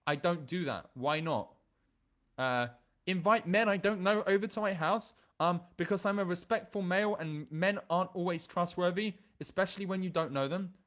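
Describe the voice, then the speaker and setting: A young man with a fairly high voice talks casually as a dating coach. He reads chat messages aloud and stumbles over his words, restarting often. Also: normal speed, a bit bright. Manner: reads dating app chats aloud, laughs, many restarts.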